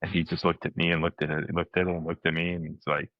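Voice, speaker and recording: Low-voiced man telling an animated story. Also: fast talker, gravelly, no room sound, dull audio. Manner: animated storyteller, acts out quotes, many restarts. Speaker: podcast co-host. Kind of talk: casual storytelling chat.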